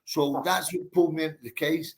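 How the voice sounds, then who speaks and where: A man's voice: on the high side, fairly even intonation, fairly quick, breathy edge. Blunt, swearing man. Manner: blunt, swearing, emphatic, calls listener mate and bro. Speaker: boxer telling his story as guest. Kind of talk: casual storytelling interview.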